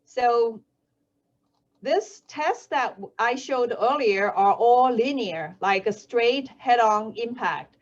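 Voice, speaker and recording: A woman with a Chinese first language, a helmet safety researcher, explaining things slowly and carefully, with frequent fillers and self-corrections. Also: a little high. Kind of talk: explanatory talk. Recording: dull lo-fi audio.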